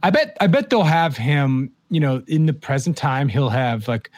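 A man's voice: medium pitch, animated, normal speed, a little mellow, no echo, clean studio sound. A man co-hosting a podcast, chatting casually and joking around with lots of fillers. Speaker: podcast co-host. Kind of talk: casual chat.

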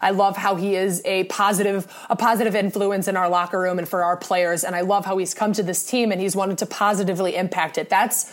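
A woman's voice: mid-range voice, flat delivery, a little fast, hardly any pauses. A young woman co-hosting a sports podcast, talking in an earnest, rambling way with many restarts. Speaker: podcast co-host. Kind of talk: casual sports podcast talk.

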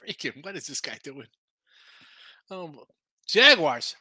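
A man's voice: fairly high pitch, sing-song, bright, forceful tone, breathy edge, no echo. A man hosting a live late-night sports betting stream, firing off brash picks and talking to his chat while tired and yawning. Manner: brash, rapid-fire opinions, talks to chat. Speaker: sports betting show host.

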